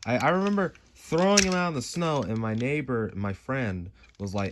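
A young man talks his way through a home toy review in a lowish voice, rambling and joking. He jumps between loud, excited bursts and quiet mumbled asides. Steady background noise sits under the recording. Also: a little fast, few pauses. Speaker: toy collector reviewing a toy truck. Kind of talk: casual toy review vlog. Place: home room.

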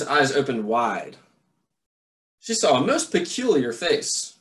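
A man reading a children's picture book aloud with expressive asides to his listeners. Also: mid-range voice, slow pace, long pauses, roomy sound. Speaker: storytime reader.

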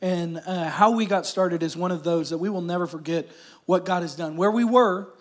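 A man's voice: sits high, moderate pace. A man, preaching a conversational sermon to his church and calling out to the crowd. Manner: conversational preaching with crowd call-outs and jokes. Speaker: pastor. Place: church service.

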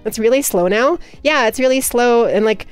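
Rapid-fire, high-voiced woman streamer. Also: clean tone, soft background music. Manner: rapid, nonstop, hyperactive talker. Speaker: livestreamer. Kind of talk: casual chat with stream viewers.

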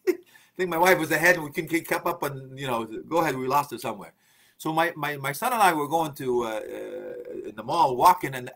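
A man's voice: fairly high pitch, fairly bright tone. A middle-aged man giving an informal religious talk as a preacher, chatty and joking, laughing often and sprinkling in Arabic phrases. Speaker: Islamic preacher.

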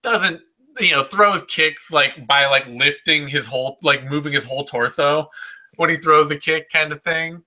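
A man co-hosting a podcast, giving animated fight analysis in casual conversation, with some swearing. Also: on the high side, normal speed. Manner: animated, swearing, talks with quoted reactions.

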